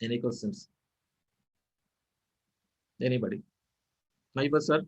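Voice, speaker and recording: A man's voice: medium pitch, a little slow, a little mellow, slightly rough, poor audio. A man with an Indian English accent giving an online pronunciation lecture over a video call, drilling words over and over. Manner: repetitive, emphatic drilling of words.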